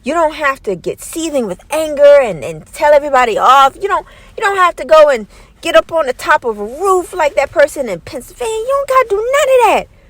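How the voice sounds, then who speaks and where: A woman's voice: sits high, sing-song, fairly quick, no room sound. A woman vlogger giving casual opinion commentary in a light, scratchy voice. She talks emphatically and acts out other people's lines.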